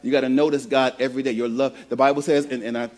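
A mid-range, darkish voice with flat delivery and a quick pace carries this Midwestern man's conversational sermon. As a pastor, he repeats words to build toward a point and gets the congregation to say phrases back.

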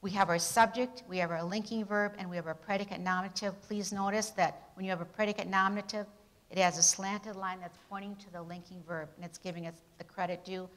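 Bright, emphatic woman teaching grammar. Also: medium pitch, steady tone, fast, rough recording. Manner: question-and-answer drilling, emphatic on key words. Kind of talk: classroom grammar lesson.

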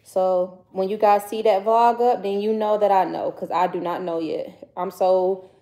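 A woman's voice: medium pitch, fairly even intonation, unhurried, warm tone. A woman chatting casually while cooking at home, talking to viewers and her kids between steps, recorded on a nearby phone camera. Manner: loose, slangy casual speech. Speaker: vlogger cooking for her channel. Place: home kitchen. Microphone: phone camera nearby, set down at times.

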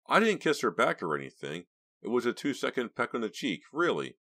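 A man voicing a charming teenage boy who talks in a nervous, smooth, placating way. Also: mid-range voice, huge pitch swings, a little fast, a bit bright, voice pushed up, heavily acted.

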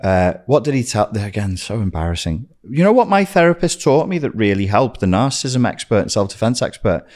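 A man's voice: lowish voice, sing-song, a little fast, few pauses, a little mellow. A man, a podcast guest telling candid personal stories in a blunt, sweary way. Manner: blunt and sweary, acts out quoted voices. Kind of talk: candid personal storytelling in an interview.

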